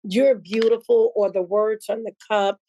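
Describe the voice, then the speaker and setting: A woman's voice: medium pitch, steady tone, unhurried, mellow, a little hiss or hum. A woman guest who owns a spice shop, telling heartfelt stories in a casual conversation and acting out the dialogue. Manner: earnest, heartfelt, acts out quoted dialogue.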